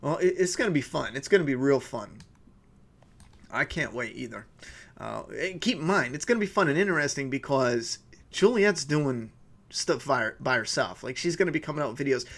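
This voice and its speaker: A man's voice: medium pitch, lively intonation, normal speed, a bit bright. A man hosting a live weekly review stream, chatting casually and reading viewer comments aloud in a rambling, self-correcting way. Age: adult father of a school-age child.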